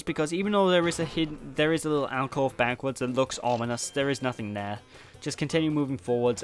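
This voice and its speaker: A man's voice: a little high, fairly bright tone. A man from Wales giving casual, jokey commentary on his gameplay, chatting directly to his viewers. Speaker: let's play host.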